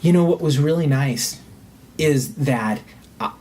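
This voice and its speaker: Earnest, halting man telling a story. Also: a little high, mellow, slight background noise. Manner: earnest, halting, swears when heated. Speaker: podcast guest. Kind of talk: candid personal storytelling.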